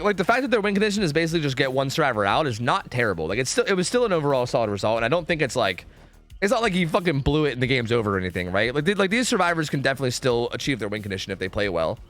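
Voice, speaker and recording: A man's voice: mid-range voice, a bit bright. A young man casting a game tournament on a live stream, rambling and repeating himself with casual swearing. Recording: faint music behind.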